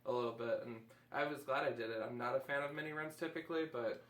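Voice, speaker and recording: A man's voice: mid-range voice, fast, fairly bright tone, echoey room. A man hosting a casual chat, enthusiastically rambling through comic reviews. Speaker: host.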